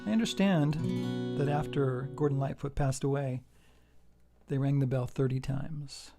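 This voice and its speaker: A man's voice: mid-range voice, completely flat delivery, unhurried. A man giving a casual guitar lesson, walking through a song and counting out the beats. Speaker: guitar teacher. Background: acoustic guitar playing.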